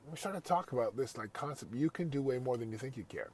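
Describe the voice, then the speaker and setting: A man's voice: medium pitch, animated, quick pace, a little mellow, husky. A man hosting a motivational podcast, telling a family story in an earnest, conversational way and turning it into a pep talk. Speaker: podcast host; father.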